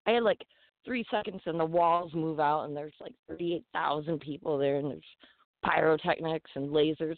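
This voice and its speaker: A woman's voice: low voice, normal speed, creaky, pauses often, dry recording. Woman guest, 30s, salty and giggly storyteller, dry tinny phone-line sound. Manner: profane, laughing, animated storyteller. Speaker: guest fighter. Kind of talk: casual podcast storytelling.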